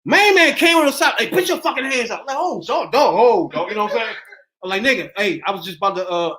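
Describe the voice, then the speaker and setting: Here a middle-aged podcast host with a high-sitting voice talks quickly through a casual story, animatedly playing out each character's voice himself.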